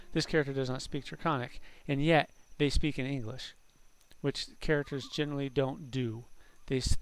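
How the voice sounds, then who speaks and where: Man, gravelly, smooth clear tone, rambling game commentary, self-mocking, faint game music behind. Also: mid-range voice. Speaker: game streamer.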